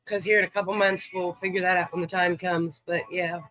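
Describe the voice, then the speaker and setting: A man's voice: sits high, flat delivery, brisk, pushed and bright, no room sound, low-quality recording. A man hosting a livestream, chatting easily with viewers and greeting them by name. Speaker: livestream host. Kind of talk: casual chat with viewers.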